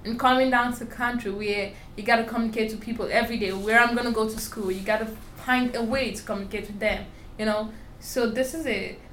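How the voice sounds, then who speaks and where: A woman's voice: fairly high pitch, steady tone, brisk, a bit bright, a little hiss or hum. A young woman with a strong foreign accent, telling her story candidly and emphatically in an interview. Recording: roomy echo with faint ambience.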